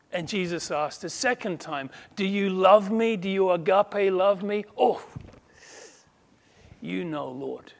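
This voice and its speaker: Guy preaching a sermon, fairly high voice, takes his time, gets loud then drops quiet. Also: vocal fry. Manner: emphatic, swings between loud declaring and quiet asides; slow, measured delivery with quoted voices acted out.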